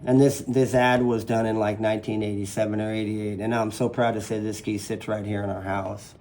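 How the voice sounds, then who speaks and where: A man in his fifties with a Southern US accent, telling lively stories as an interview guest in his home. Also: fairly low pitch, brisk. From raised in Nevada, from southern Louisiana. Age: 50s. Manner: animated storyteller, acts out quoted voices. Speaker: interview guest, retired jet ski racer. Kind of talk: casual storytelling interview. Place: living room at home. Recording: roomy home room, faint ambience.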